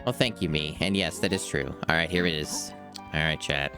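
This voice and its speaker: A man's voice: extremely low pitch, normal speed, bright, forceful tone. A man streaming a video game, thinking aloud and chatting to his viewers in a casual, rambling way. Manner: talks to chat, mutters and thinks aloud. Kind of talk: casual gameplay commentary. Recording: game music playing behind.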